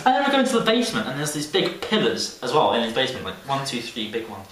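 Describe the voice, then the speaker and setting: A young man in his late teens, telling a story in a rambling, animated way with plenty of laughs. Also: mid-range voice, quick pace, a crowd in the background. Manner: rambling, animated, laughs often, many fillers. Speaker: podcast co-host. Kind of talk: casual storytelling chat. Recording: echoey room, distant mic, faint hiss.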